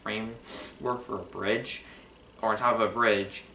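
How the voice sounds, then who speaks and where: A man's voice: fairly low pitch, steady tone, unhurried, sharp tone, slight background noise. A man casually reviewing movie trailers, rambling with lots of fillers and restarts. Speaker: film reviewer. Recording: roomy echo.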